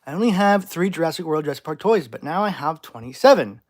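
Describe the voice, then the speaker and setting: Animated young guy hosting a live Q&A. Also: on the high side, quick pace. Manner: playful, reacting to chat, jokey overreactions. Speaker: channel host. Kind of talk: live stream Q&A reading chat.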